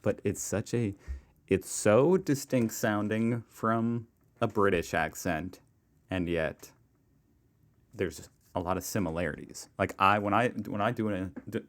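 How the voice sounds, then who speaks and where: American man, reaction host, very low voice, chatty and self-deprecating. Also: unhurried. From United States. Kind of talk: casual reaction commentary.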